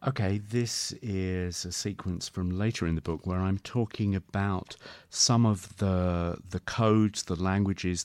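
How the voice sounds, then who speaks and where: A middle-aged man, an author and radio guest, talking about his book in a thoughtful, articulate and measured way. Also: low voice, darkish tone, dry recording.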